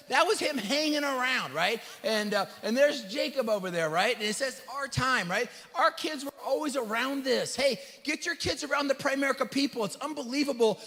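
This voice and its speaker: A middle-aged man with a very high voice delivers a motivational speech from a stage. He talks in short, punchy bursts, often tags lines with "right?", and drops from loud rallying to quiet, earnest asides. His voice rings out with the long reverb of a big event hall. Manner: punchy, repeats "right?" and "you guys", swings from loud to hushed. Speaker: company leader speaking at a convention.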